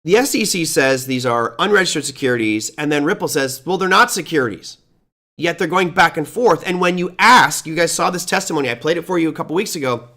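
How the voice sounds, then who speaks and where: A man hosts a live finance show with pointed, sarcastic commentary. His voice sits a bit high, and he leans hard on key words while working through his notes. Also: expressive, fast talker, hardly any pauses, sharp tone. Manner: sarcastic, emphatic, reads along from notes. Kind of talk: opinionated market commentary.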